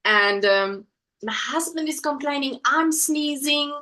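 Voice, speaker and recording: A woman's voice: high voice, lively intonation, slow, pushed and bright, poor audio. A woman hosting a casual crafting live stream from home, chatting and reading viewer comments aloud. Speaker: livestream host.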